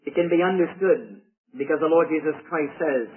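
A man preaching a sermon, emphatic and repeating key phrases, his voice swinging from high to low. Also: normal speed. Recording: tinny radio broadcast sound.

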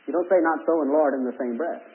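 Man preaching on a tinny old recording. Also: quick pace. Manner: emphatic preaching, rises in pitch on key words. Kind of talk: sermon.

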